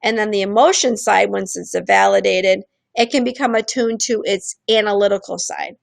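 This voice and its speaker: A woman with a gravelly, fry-laden voice hosts a streamed show, explaining ideas in a loose, candid way. She keeps slipping into little acted-out voices when she quotes people, and she often restarts her sentences. The sound is dry and close, with no room around it. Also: medium pitch, moderate pace, dry recording. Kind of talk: casual explanatory talk.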